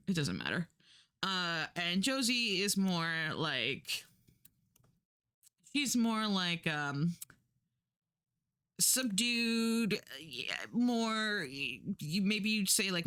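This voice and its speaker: A woman's voice: fairly low pitch, bright, forceful tone, smooth. A woman streamer recapping a book in casual chat, rambling through lots of fillers and restarts, and blunt and profane when something annoys her.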